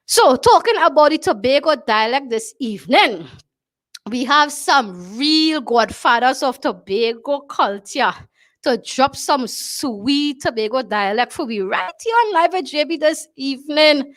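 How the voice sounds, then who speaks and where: A woman's voice: high-pitched, lively intonation, measured pace, a bit bright. A Trinidadian woman hosting a talk show, speaking emphatically, repeating her phrases and often asking "you understand?". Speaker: show host.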